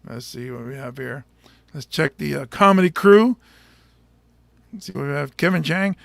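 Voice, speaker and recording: Comedian host, male, gravelly, slightly high voice, loose rambling banter, dry close mic. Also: expressive, dry recording. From Samoa. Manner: rambling, joking, quick to laugh. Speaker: stand-up comedian hosting a show. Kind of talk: casual chat to an audience.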